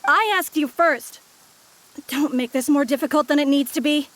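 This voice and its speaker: A woman's voice: high voice, normal speed, a bit bright. An actress voicing a stern young woman forest ranger who questions strangers firmly, as game voice acting. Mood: impatient. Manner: firm, questioning.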